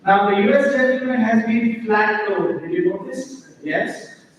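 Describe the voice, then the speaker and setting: A man runs a live stage act, bossing and teasing volunteers in a playful way. His voice sits high for a man. He is heard from a distance in a big, echoey hall with a long reverb tail. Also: a little hiss or hum. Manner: playful, teasing, gives quick commands. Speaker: stage mentalist performer. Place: large indoor auditorium stage.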